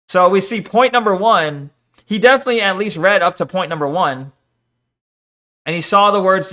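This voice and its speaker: Man, high voice, bright tone, profane mocking rant, streamer reaction. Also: moderate pace. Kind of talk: casual reaction commentary.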